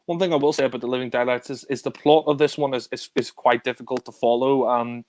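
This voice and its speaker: A man's voice: medium pitch, fairly even intonation, quick pace, a little mellow. Chatty man reviewing films. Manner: rambling, many fillers and restarts, laughs often. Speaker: film reviewer. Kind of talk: casual film discussion.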